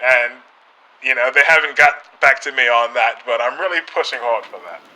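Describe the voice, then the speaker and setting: Sharp-toned British man, halting speech. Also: medium pitch, rough recording. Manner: halting, many filler phrases and restarts. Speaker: guest. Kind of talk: in-character podcast chat.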